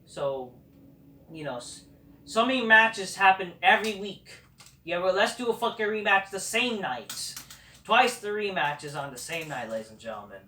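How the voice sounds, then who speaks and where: A man's voice: high voice, expressive, measured pace, pushed and bright, slight background noise. A man hosting a casual review show, ranting in a sarcastic, profane, dismissive way. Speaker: host. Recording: roomy echo, far from the mic.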